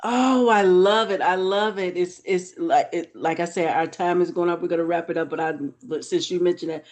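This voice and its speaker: A woman with a lowish voice hosts a casual conversation. She tells stories with lots of energy, and her pitch leaps up when she is excited. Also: normal speed. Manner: animated storyteller, voice jumps up when excited. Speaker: host. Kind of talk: casual chat.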